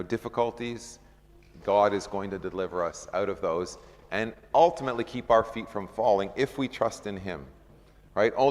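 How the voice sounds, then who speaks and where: Male Bible study leader, low voice, conversational teacher who dramatizes scripture, recorded in a reverberant hall. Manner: conversational, asks the group questions, acts out scripture scenes.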